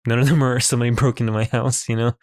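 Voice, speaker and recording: A man's voice: medium pitch, level tone, rapid-fire, no echo, studio quality. A man co-hosting a comedic podcast, reading listener comments aloud and riffing with frequent laughs and restarts. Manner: laughs often, reads comments aloud and tells stories with restarts. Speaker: podcast co-host. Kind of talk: casual comedic podcast chat.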